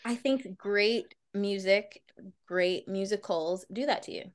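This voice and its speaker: A woman guest on a podcast interview chatting casually, animated and reflective, often laughing. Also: medium pitch, takes it slowly. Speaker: guest, Broadway actress.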